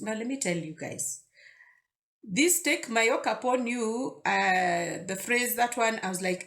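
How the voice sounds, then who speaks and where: A woman's voice: medium pitch, unhurried, a bit bright. A woman hosting a casual devotional talk, conversational and often repeating words as she thinks aloud. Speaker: devotional video host.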